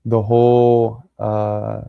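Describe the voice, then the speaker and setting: Man, gravelly, mellow tone, dry close recording, blunt casual podcast co-host. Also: lowish voice, monotone, extremely slow, no echo, narrow, tinny audio. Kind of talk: casual political chat.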